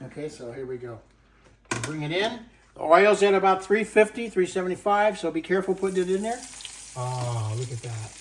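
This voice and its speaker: A man's voice: high voice, expressive, normal speed, slight background noise. A man hosting a home cooking demonstration in a kitchen, playful and chatty, talking straight to his viewers. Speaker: cooking show host. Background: background music.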